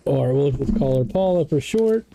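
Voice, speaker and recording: An esports caster doing play-by-play commentary, chatty and excitable, with the voice jumping up on every knockdown. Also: moderate pace, noisy background. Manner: excitable, pitch jumps on knockdowns; chatty asides about the broadcast controls.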